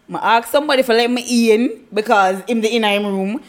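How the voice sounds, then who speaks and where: A woman's voice: a little high, steady tone, brisk. A woman, co-hosting a casual chat, teasing and joking as she tells her own stories. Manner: teasing, joking, chatty storyteller. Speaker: podcast co-host.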